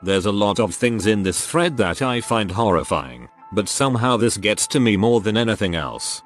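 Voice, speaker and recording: A man slowly reading first-person stories aloud in a somber tone. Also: lowish voice, animated. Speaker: narrator reading online posts. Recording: faint music behind.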